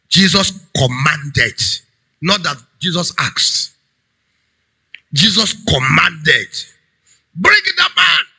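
A man preaching a sermon as a pastor, emphatic, swinging between loud cries and low urgent tones. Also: husky, low-quality recording.

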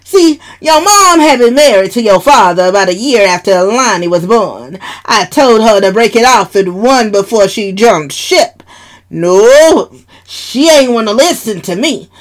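A woman voicing a brash, crude middle-aged aunt who talks loudly and bluntly, taunting the family. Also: mid-range voice, expressive, unhurried, pitched above the performer's own voice, close to an everyday voice. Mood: gossiping.

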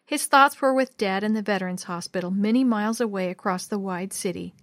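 Woman reading a kids story, measured, dry close mic. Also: medium pitch, a bit bright, dry recording. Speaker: narrator.

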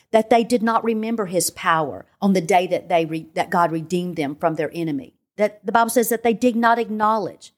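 Earnest older woman teaching scripture. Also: medium pitch. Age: older, a grandmother. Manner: earnest, emphatic, repeats phrases in lists. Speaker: guest Bible teacher. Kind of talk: devotional podcast interview.

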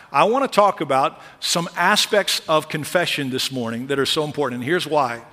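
A man preaching a sermon as pastor in a large church, lively and conversational with humorous asides. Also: fairly high pitch. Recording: long reverb of a large hall.

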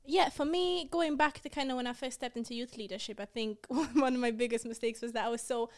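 A woman from Romania with a Geordie accent, a guest on a podcast interview, bubbly and quick to laugh. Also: a little high. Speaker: guest, youth leader.

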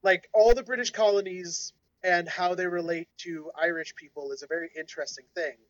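A man's voice: sits high, steady tone, fairly quick, low-quality recording. A man co-hosting a podcast in a casual discussion, explaining his points at length in a lecturing way. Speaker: podcast co-host.

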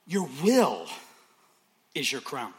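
A man preaching a sermon, swinging from hushed whispers to shouts with repetitive, emphatic phrasing. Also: medium pitch, huge pitch swings, slow pace.

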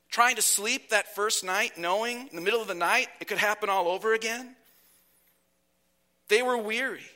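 A man preaching a sermon as pastor, speaking slowly and deliberately and letting phrases fall soft at their ends. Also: high voice.

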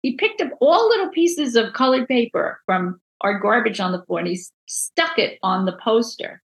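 A woman with a New Jersey accent, a book designer telling stories in a casual interview, animated and full of restarts. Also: a little high, moderate pace, poor audio. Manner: animated, acts out quoted voices, many restarts.

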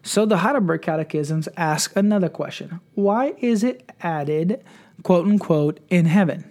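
Male preacher, somewhat high-pitched, measured earnest scripture reading for a devotional podcast. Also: a little mellow.

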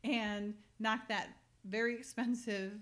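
A woman's voice: fairly high pitch, fairly even intonation, slow pace, fairly bright tone. A woman hosting a casual chat, recapping a TV episode and reading script lines aloud with frequent giggles. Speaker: podcast host.

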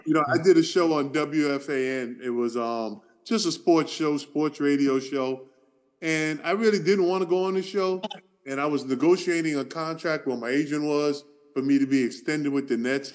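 A middle-aged man co-hosting a podcast, telling a story in a casual, animated way, laughing and acting out voices as he goes. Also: on the high side. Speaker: podcast co-host.

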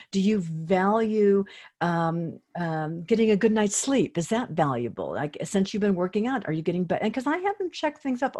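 An older woman, a fitness expert, speaking as a guest in an interview in a lively, earnest, motivational way. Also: lowish voice. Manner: lively, acts out quoted inner voices. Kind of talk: conversational interview.

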